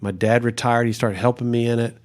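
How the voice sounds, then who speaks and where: A man's voice: medium pitch, steady tone, a little fast, a little mellow. A middle-aged man and pastor telling a story in a casual interview, acting out quotes and laughing often.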